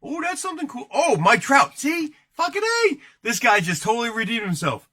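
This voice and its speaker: A man rips open baseball card boxes on a late-night stream, talking high and swinging wildly in pitch. His tone is bright and cutting, and he rambles, jokes and curses between pulls. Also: sing-song, normal speed. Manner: loud, joking, rambling, swears often. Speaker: card break host. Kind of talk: casual livestream card break.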